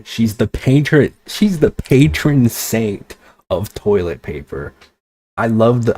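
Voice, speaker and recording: A man's voice: fairly low pitch, darkish tone. A man streaming as a VTuber, ranting casually with exasperation, swearing and sarcasm. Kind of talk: casual livestream chat.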